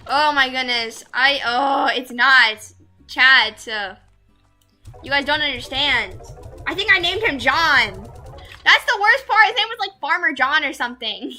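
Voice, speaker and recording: A young woman streaming a game, chatting casually with her viewers and gushing loudly over cute things. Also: sits high. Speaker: VTuber streamer. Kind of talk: casual gameplay chat with viewers.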